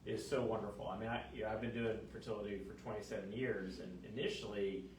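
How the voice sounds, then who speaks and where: A man's voice: on the low side, fast talker, a little hiss or hum. A man in his fifties, a fertility doctor, chatting casually and telling stories with lots of fillers. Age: 50s. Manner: chatty, animated storyteller with many fillers. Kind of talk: casual chat. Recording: echoey room, mic at a distance.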